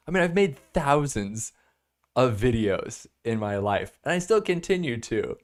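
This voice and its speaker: Animated chatty male reviewer. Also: mid-range voice, a little slow. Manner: animated, chatty, laughs at his own jokes. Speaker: product reviewer hosting a live broadcast. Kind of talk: casual live-stream chat.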